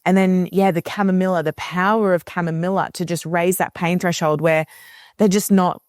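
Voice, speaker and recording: Low-voiced woman explaining remedies. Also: moderate pace, no echo, clean studio sound. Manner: animated, acts out quoted voices of kids and parents. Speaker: homeopathy educator, guest. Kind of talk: casual podcast conversation.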